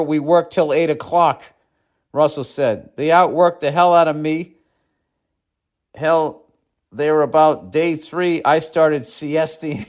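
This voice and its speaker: A man's voice: on the high side, voice pushed up, lightly acted. A man putting on a drawling Southern carpenter. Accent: Southern US, put on. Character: Southern male carpenter boss, gruff, folksy.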